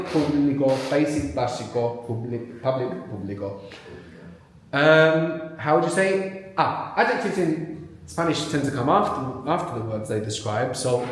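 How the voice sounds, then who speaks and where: A man leads a live language workshop in a very echoey hall, his voice bouncing around the room. He is animated, drawing words out slowly and repeating them so they sink in. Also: mid-range voice, slight background noise. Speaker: language teacher. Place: large echoey venue with live audience.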